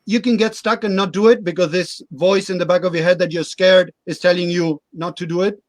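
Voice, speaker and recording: Earnest high-voiced man explaining. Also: no room sound. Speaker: interview guest, life coach. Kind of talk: casual interview talk.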